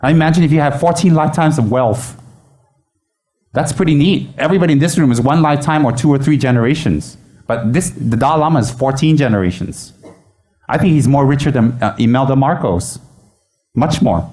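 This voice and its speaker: A man teaching Buddhism in a chatty, animated way, often restarting his sentences. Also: mid-range voice, a little fast. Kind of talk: informal dharma teaching.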